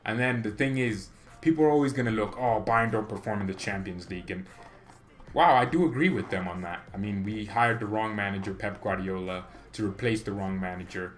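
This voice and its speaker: A man hosting a football fan channel, talking in a rambling, opinionated way with sudden excited jumps in pitch and loudness and frequent laughs. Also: a little fast. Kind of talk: casual fan reaction vlog.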